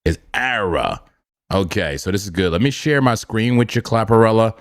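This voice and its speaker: A man's voice: lowish voice, moderate pace. A man hosting a casual crypto trading livestream, joking and repeating himself as he talks.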